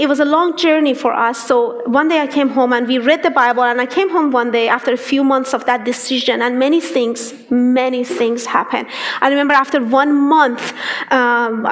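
High-voiced woman telling her faith testimony. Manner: animated storyteller who acts out quoted dialogue and laughs often. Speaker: guest sharing a testimony.

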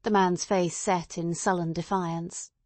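A woman narrating an audiobook in a soft, measured storytelling manner. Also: on the low side, steady tone, dry recording. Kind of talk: scripted narration.

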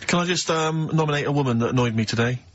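A man's voice: on the high side, fast, dull audio. A man co-hosting a radio show, reading out listener emails with dry mockery in casual banter. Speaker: radio co-host. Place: radio studio.

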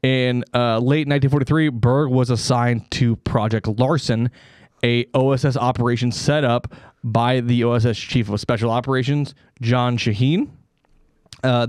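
A man's voice: medium pitch, darkish tone, no room sound, studio quality. Casual rambling male podcast host. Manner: loose, rambling, many fillers and asides. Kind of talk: casual storytelling with swearing.

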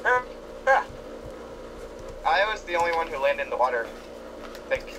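A man's voice: fairly high pitch, big pitch swings, moderate pace. Teasing male gamer on a noisy mic. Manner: teasing, rambling storyteller, lots of fillers. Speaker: co-player in a gaming session. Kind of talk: casual let's-play chat.

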